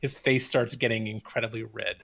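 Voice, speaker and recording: A man runs a tabletop game session, narrating what happens and calling for dice rolls. His delivery is relaxed and a little hesitant, in a mid-pitched voice. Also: brisk, gravelly. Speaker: game master.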